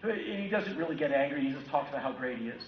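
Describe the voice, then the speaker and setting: Animated man telling stories in an echoey hall. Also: medium pitch, quick pace. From United States. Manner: animated, acts out voices of others. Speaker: keynote speaker. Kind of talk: storytelling keynote talk. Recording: echoey hall from far off, dull lo-fi sound with faint ambience.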